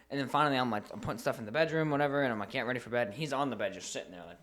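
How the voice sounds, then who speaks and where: Young man, podcast co-host, casual chat, profane, animated storytelling. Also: mid-range voice, very fast, few pauses.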